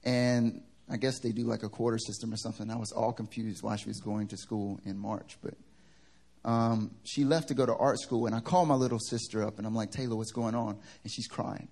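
Husky-voiced pastor from the American South. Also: male voice, fairly low pitch, fairly quick. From Southern United States. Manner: animated, joking storyteller. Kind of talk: sermon with personal stories. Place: church service.

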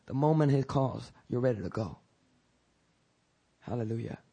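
A man's voice: mid-range voice, lively intonation, moderate pace, creaky, mellow, breathy edge. A man preaching a sermon in a loose, conversational way, joking with asides, restarting phrases and coughing now and then. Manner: jokey and informal, frequent restarts and asides. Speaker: pastor.

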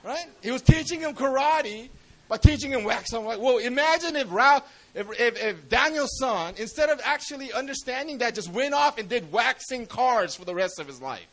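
A man's voice: very high voice, lively intonation, moderate pace, fairly bright tone, low-quality recording. A man preaching a sermon in a casual, slangy way, often asking the congregation questions.

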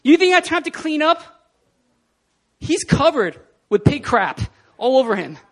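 High-voiced animated male pastor. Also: moderate pace. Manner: animated, laughing, acting out scenes. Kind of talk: casual sermon. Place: church hall.

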